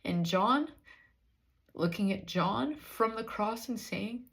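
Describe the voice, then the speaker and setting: A woman's voice: fairly high pitch, animated, slow, vocal fry. A woman preaching a sermon in an earnest, conversational way, with many rhetorical questions.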